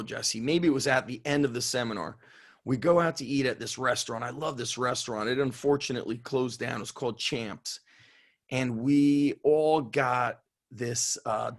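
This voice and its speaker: A man who is a strength coach telling a story on an interview in an excitable way, swearing and laughing as he goes. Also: medium pitch. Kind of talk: animated storytelling.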